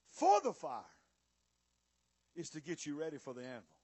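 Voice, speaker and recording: A male preacher, giving a sermon with bursts of shouting and drawn-out emphasis to a church audience. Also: a little high, wildly swooping pitch, husky, no echo. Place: church or conference hall with audience.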